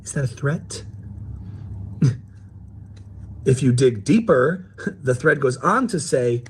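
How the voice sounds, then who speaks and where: A man's voice: medium pitch, lively intonation, slow, a little hiss or hum. A man playing a paranoid woman commentator in a parody sketch, talking mock-serious and theatrical with swooping emphasis.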